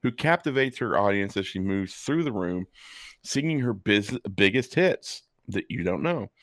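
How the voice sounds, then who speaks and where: A man's voice: on the low side, expressive, normal speed, no echo, studio quality. A man co-hosting a podcast, reading a text aloud with sarcastic asides. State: hiccups. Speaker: podcast co-host. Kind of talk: casual chat, reading and joking.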